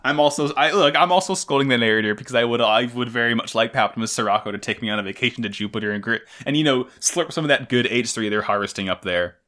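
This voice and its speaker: A man's voice: medium pitch, quick pace, hardly any pauses. A man co-hosting a podcast, chatting casually with lots of laughter and playful enthusiasm. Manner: animated, laughing, jokey fan enthusiasm. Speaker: podcast co-host. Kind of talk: casual chat.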